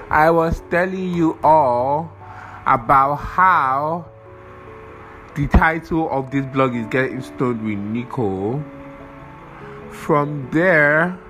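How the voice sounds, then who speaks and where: A man's voice: medium pitch, a bit bright, poor audio. A young man hosting a podcast, rambling casually, swearing often and losing his train of thought while he has a cold. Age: young adult. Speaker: podcast host.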